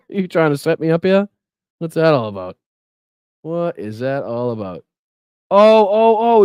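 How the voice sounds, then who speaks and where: A man's voice: mid-range voice, darkish tone, smooth, no room sound. A man hosting a live political stream, chatting casually, rambling and swearing as he thanks viewers. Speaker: livestream host. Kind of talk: casual live chat reading comments.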